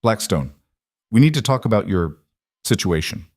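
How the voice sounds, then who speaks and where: A man voicing a loud, self-righteous older male town leader who lectures in a preachy, accusing way. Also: lowish voice, big pitch swings, normal speed, no echo, clean studio sound.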